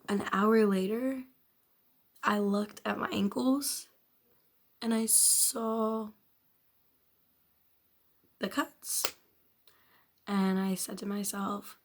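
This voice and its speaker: A woman's voice: medium pitch, vocal fry. A young woman vlogging a frank personal confession, rambling with constant filler words and casual swearing. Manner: frank, self-questioning, occasional nervous laughs.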